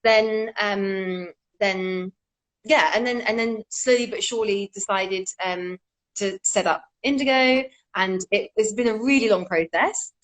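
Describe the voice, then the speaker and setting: A woman's voice: medium pitch, measured pace, rough recording. Earnest woman charity founder. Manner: earnest, with frequent restarts. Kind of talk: casual interview storytelling.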